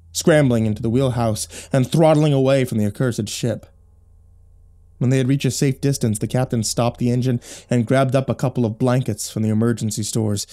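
A man narrating a horror story in a measured, dramatic storytelling voice. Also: medium pitch, mellow.

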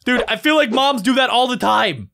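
High voiced guy reacting to vids, giggly and hyped, pitch jumps all over. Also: moderate pace, creaky. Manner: excitable, giggly, playful. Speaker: reaction video host. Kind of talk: casual video reaction commentary.

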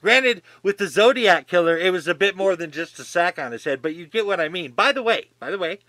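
A man's voice: sits high, expressive, fairly quick, sharp tone, dry recording. A man co-hosting a podcast in casual chat, rambling with many restarts and freely swearing. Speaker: podcast co-host.

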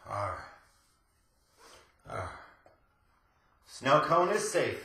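A man hosting a wrestling review channel, ranting with profane sarcasm and shouted bursts. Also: mid-range voice, very animated, extremely slow, long pauses. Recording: very echoey room.

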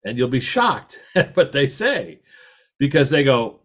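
A middle-aged man with a lively, anecdotal way of talking, telling stories in a talk and acting out the quoted voices. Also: medium pitch, unhurried. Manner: animated, anecdotal, laughs at his own stories, acts out quotes. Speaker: author and podcast host giving a talk. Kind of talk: storytelling talk.

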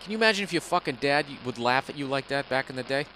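A podcast host rants from a hotel room into a single microphone without headphones, rambling comedically with profanity and sarcasm. His medium-pitched voice is expressive, fast, bright, and forceful. The recording is low quality, with slight background noise.

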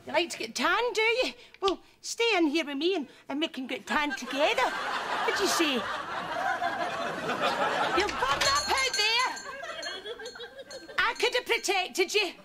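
An actress with a Scottish accent playing a lonely, flirtatious shop assistant in a sketch, wheedling and suggestive. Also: female voice, extremely high pitch, big pitch swings, measured pace, pauses often, heavy background noise, heavily acted. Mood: pleading. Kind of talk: sketch comedy acting.

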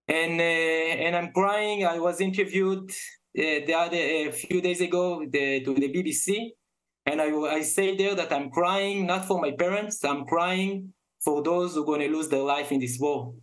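A tearful man with an Israeli accent speaks haltingly, often repeating and restarting words. His voice sits somewhat high for a man. He sounds shaken and deeply emotional as an interview guest. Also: fairly bright tone. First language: Hebrew.

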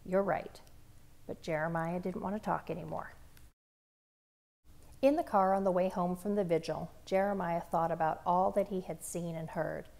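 A woman reading a children's picture book aloud in a measured, earnest narration. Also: on the low side, steady tone, vocal fry, a little mellow. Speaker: storybook reader.

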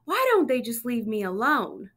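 A woman's voice: a little high, big pitch swings, moderate pace, a bit bright. A woman reading aloud, voicing a frustrated young boy in a storybook with a whiny, indignant tone. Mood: upset.

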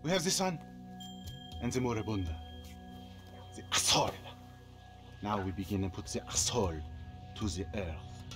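An actor playing a pretentious male yoga instructor who speaks with a put-on French accent, in slow, theatrical game dialogue. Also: on the low side, very animated. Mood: instructive. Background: game music.

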